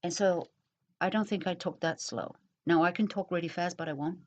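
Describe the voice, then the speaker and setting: Woman, middle-aged, casual vlog chat, slow and rambling, lots of fillers, fairly low voice, muffled lo-fi sound. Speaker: YouTuber answering comments.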